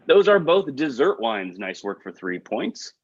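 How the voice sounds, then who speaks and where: A man hosting a trivia game over a video call, reading questions with quick joking asides. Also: medium pitch, big pitch swings, husky, dry recording. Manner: upbeat, quick asides, chuckles at own jokes. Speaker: trivia quiz host. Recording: dull, lo-fi video call audio.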